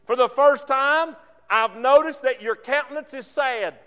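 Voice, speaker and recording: A man's voice: extremely high pitch, unhurried, pushed and bright, smooth, exaggerated voice. A preacher voicing an ancient king who anxiously questions his trusted servant. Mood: concerned. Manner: pleading, questioning. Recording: long reverb.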